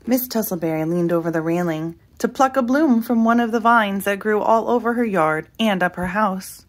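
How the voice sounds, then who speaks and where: Expressive woman reading a storybook aloud. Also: medium pitch, moderate pace, hardly any pauses. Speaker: storybook reader. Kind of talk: reading a picture book aloud.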